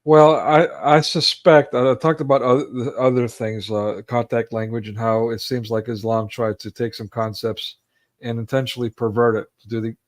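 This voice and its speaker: A man of ordinary pitch hosting a casual chat, relaxed and tentative, chiming in briefly. His voice sits close and dry, with no room around it. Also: moderate pace, no room sound. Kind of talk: casual conversation.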